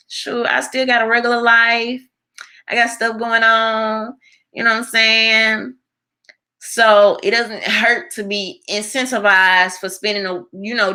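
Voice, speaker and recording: Woman, young adult, live-stream host, unhurried, crisp bright tone, chatty with fillers. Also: medium pitch. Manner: chatty, lots of fillers, reads viewer comments aloud. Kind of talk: casual live-stream chat with viewers.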